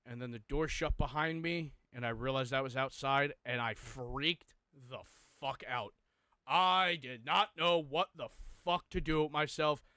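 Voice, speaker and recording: A man's voice: medium pitch, sharp tone, clear, resonant tone, no echo. Profane young man telling his story. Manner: profane, intense, emotional retelling. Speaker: podcast co-host. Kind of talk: personal storytelling, casual.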